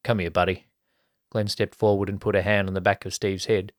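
A man reading an erotic story aloud as a podcast narrator, in an even storytelling manner. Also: lowish voice, fairly quick, dry recording, studio quality. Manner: even storytelling, colloquial mates' banter.

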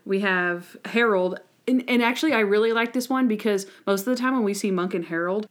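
A woman's voice: medium pitch, brisk. A woman co-hosting a casual recap chat, talking enthusiastically and dropping in lots of "like". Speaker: podcast co-host.

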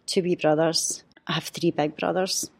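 Fifties woman, podcast guest, low husky voice, emotional halting storyteller. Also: little pitch movement, a little mellow. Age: 50s. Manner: heartfelt, halting, with restarts.

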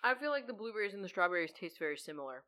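A woman's voice: mid-range voice, sing-song, very fast. A young woman co-hosting a casual chat podcast, swearing freely and laughing often. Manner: profane, laughs loudly and often. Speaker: podcast co-host.

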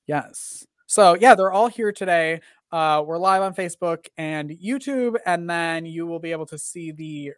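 A man's voice: a little high, no echo, clean studio sound. A man hosting a casual live podcast chat, rambling with lots of fillers and joking at himself. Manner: rambling and self-deprecating, with many fillers. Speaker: podcast host.

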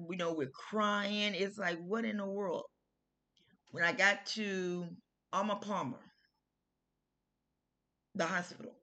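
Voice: mid-range voice, bright, forceful tone. Middle-aged host, casual spoken testimony, earnest, mid-range voice. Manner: conversational storytelling with informal grammar and restarts. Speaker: health video host.

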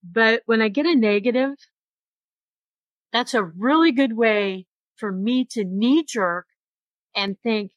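A woman's voice: a little high, slow, long pauses, no room sound. A woman who hosts a podcast, speaking frankly and with exasperated rhetorical questions in a roundtable discussion. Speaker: podcast host.

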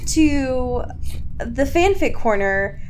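A young woman with a slightly high voice hosts a casual podcast. She reads fan fiction aloud with theatrical flair, breaking into laughter and swearing freely. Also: expressive, drawn-out words. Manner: laughing, profane, dramatic read-aloud. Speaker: podcast co-host.

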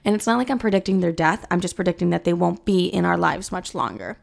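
A woman's voice: on the low side, lively intonation, fast talker, creaky. A young woman in her twenties hosting a solo podcast, chatting casually, full of filler words and swearing freely. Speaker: podcast host.

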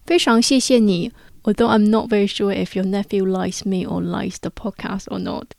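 Slow, clear-spoken woman podcast host. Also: medium pitch, fairly even intonation, darkish tone, dry recording, clean studio sound. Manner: speaks slowly and clearly. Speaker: podcast host and Chinese language teacher. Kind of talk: podcast outro reading listener messages.

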